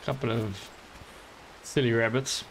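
A man's voice: mid-range voice, steady tone, measured pace, creaky, slight background noise. A man streaming a game, chatting casually in a joking, rambling way and swearing often. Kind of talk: casual gameplay commentary.

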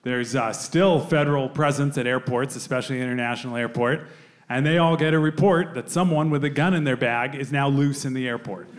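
Animated stand-up storyteller, a man. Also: brisk. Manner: animated, acts out quoted voices with big pitch jumps. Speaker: stand-up comedian. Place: comedy club stage. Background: audience laughter.

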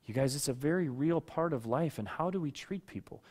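Slightly high and breathy at the edges, this man's voice is animated and a little fast. He's a pastor with children giving a chatty sermon, questioning people by name and occasionally erupting into loud rhetorical emphasis.

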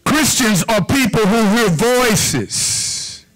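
High-voiced preacher man, rhythmic sermon. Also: expressive, extremely slow, a bit bright, rough recording. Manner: rhythmic, call-and-response preaching.

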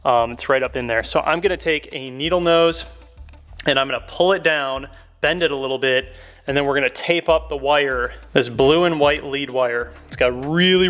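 A man's voice: mid-range voice, a bit bright. A young man giving a casual, upbeat step-by-step car install tutorial. He chats to viewers while working inside a car. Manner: chatty, upbeat, addresses viewers as guys. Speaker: car modification vlogger.

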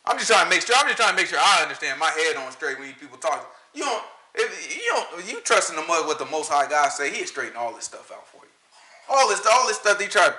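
A man preaching with a bright, sharp voice that swings up and down. He talks in an emphatic, colloquial, mocking way. The sound carries an echo from the space around him. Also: on the high side. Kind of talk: animated street preaching.

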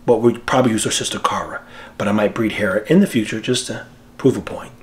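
A man hosting his own channel, talking casually to the camera about breeding dogs in an animated, slangy way with frequent laughs. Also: on the low side, quick pace. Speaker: dog breeder and channel host.

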